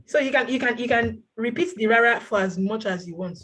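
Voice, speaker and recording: A woman's voice: on the high side, brisk, few pauses, a bit bright, breathy edge. Upbeat woman teaching over a video call. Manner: encouraging, repeats words for students to copy. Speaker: language teacher. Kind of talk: online language class.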